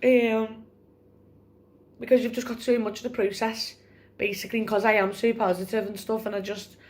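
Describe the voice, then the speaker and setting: A woman's voice: mid-range voice, steady tone, quick pace, a little mellow. A young woman, talking to her phone camera in a personal vlog, rambling with many fillers and crying while she laughs. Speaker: vlogger.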